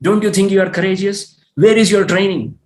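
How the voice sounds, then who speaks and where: A man's voice: mid-range voice, expressive, a little slow, echoey room, lightly acted. A man voicing a proud, defiant young warrior prince who fires off indignant questions. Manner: indignant, challenging rhetorical questions.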